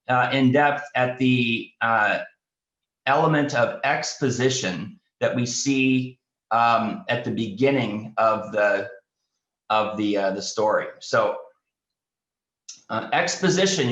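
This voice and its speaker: A male pastor teaching a group in a relaxed classroom manner. His voice sits at an ordinary middle pitch, broken up by frequent "uh"s and restarts. The room gives it a noticeable echo. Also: dull audio. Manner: halting, many "uh" fillers and restarts. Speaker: pastor leading a Bible study.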